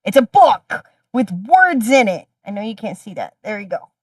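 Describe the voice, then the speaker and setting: A woman's voice: on the high side, big pitch swings, moderate pace, dry recording, distant mic. A woman co-hosting a livestream podcast, bantering playfully. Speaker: podcast co-host. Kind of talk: casual livestream chat.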